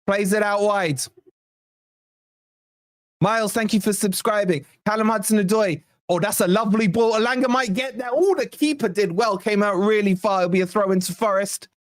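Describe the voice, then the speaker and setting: Excitable high-voiced fan commentator. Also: male voice, normal speed, no room sound, studio quality. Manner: chatty, excitable play-by-play with asides to chat. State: strained voice. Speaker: fan channel host. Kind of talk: live match watch-along commentary.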